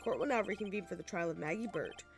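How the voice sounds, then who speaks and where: A woman voicing a stern male judge, formal and lowered. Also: quick pace, soft background music, lightly acted.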